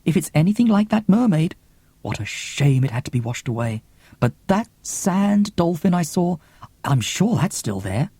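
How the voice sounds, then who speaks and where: Caring grown woman in a storybook, read by a man, husky and mellow. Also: on the high side, very animated, normal speed, dry recording, pitched above the performer's own voice, exaggerated voice. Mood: concerned. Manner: gentle, concerned.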